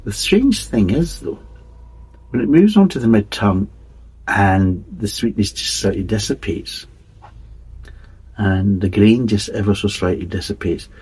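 A man's voice: on the low side, animated, measured pace, long pauses, a little mellow, slightly rough, poor audio. A man giving a casual, rambling beer tasting review, hedging and restarting his sentences as he describes the flavours.

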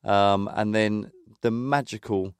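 A man's voice: on the low side, steady tone, slow, smooth, no room sound. A man co-hosting a casual football podcast, reminiscing in a rambling way with plenty of fillers. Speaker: podcast co-host.

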